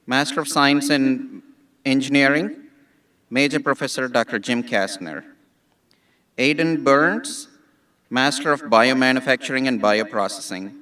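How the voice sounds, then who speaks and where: Man reading graduate names in a measured voice at an outdoor ceremony, from a distant microphone. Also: medium pitch, sharp tone. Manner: measured, reads names slowly with small restarts. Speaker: associate dean announcing graduates.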